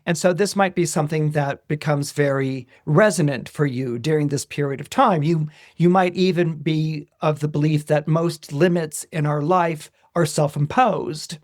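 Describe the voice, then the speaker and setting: A man, an astrologer, explaining horoscopes to listeners in a deliberate way. He keeps checking in with "okay?" and slows down on the phrases he wants to stress. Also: fairly high pitch, no echo, studio quality.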